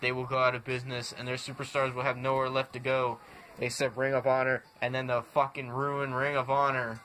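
Young man, bright forceful voice, angry profane rant to camera, faint room noise. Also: medium pitch, completely flat delivery, a little fast. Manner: swearing constantly, exasperated. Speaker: wrestling fan vlogger.

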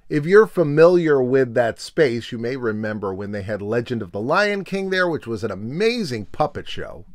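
A man hosting a nostalgia video, chatty and animated, reading a storybook aloud with commentary. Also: mid-range voice, normal speed, few pauses, no room sound, studio quality. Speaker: video host.

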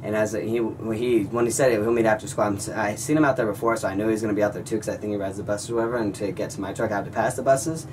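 A young man vlogging, telling a story to his viewers in an animated way and calling them guys. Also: fairly low pitch, very fast, hardly any pauses, recorded from a distance, background noise. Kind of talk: storytelling vlog.

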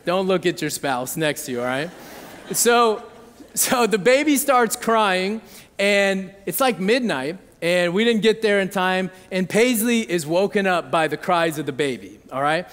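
A man's voice: sits high, lively intonation, a little slow, fairly bright tone. A man in his thirties preaching a sermon, telling a family story conversationally and often checking in with the audience. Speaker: pastor. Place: church hall. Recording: long hall reverb.

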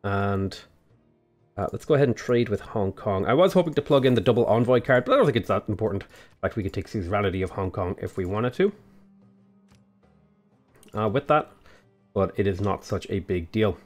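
A man with an Australian accent casually talking through a strategy game tutorial, explaining his moves in a relaxed way. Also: lowish voice, moderate pace, pauses often, soft background music. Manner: relaxed, explanatory, frequent "uh" and "go ahead". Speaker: gaming YouTuber.

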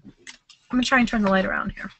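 A woman's voice: mid-range voice, steady tone, fast talker, bright, forceful tone, a little hiss or hum, low-quality recording. A middle-aged woman chatting casually at home in a crafting vlog, laughing often. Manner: chatty, laughs often, squeals when startled. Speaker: crafting vlogger.

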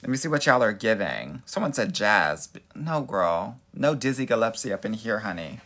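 A man's voice: on the low side, lively intonation, moderate pace, few pauses, fairly bright tone. A man from Los Angeles, a dating coach hosting a live stream, greeting viewers and reading their comments in a sassy, playful way, calling them honey and girl. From Los Angeles, USA.

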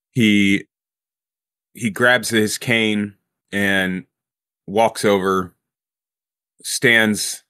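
A man's voice: on the low side, sharp tone, clear, resonant tone, no echo, clean studio sound. A man running a tabletop game as game master, setting scenes and asking his player questions.

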